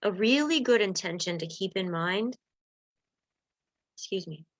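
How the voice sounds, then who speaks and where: A woman relationship coach talks to her live-stream viewers in a lively, chatty way, at a middle pitch. Her voice comes through a dull, lo-fi recording. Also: a little slow. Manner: lively, conversational, acts out example dialogues.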